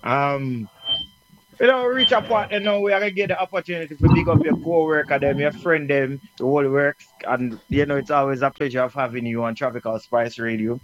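A man's voice: medium pitch, fairly quick, slight background noise. A man hosting a casual radio chat, joking and laughing with guests. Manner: laughing, playful banter. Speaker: radio show host. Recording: dull lo-fi sound.

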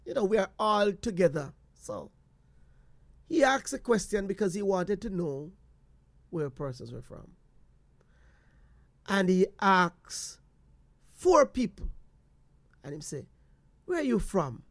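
Jamaican man, storytelling monologue, animated, patois slips, dry close sound. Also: high voice, takes it slowly, long pauses, no echo. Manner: animated, slipping into patois, repeats phrases.

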